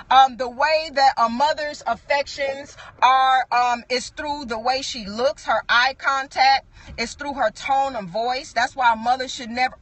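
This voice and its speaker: A woman's voice: sits high, fairly bright tone. A middle-aged woman preaching a sermon in an earnest, conversational way, full of restarts and asides. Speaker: apostle preaching.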